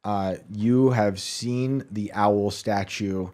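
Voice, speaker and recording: A man hosting a podcast, chatting casually and laughing as he fires off quick follow-up questions. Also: lowish voice, fairly even intonation, a little mellow. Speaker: podcast host. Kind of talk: casual interview chat.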